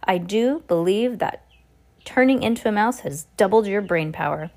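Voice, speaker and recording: A woman reading as a brisk loving grandmother. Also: medium pitch, expressive, creaky. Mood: measured.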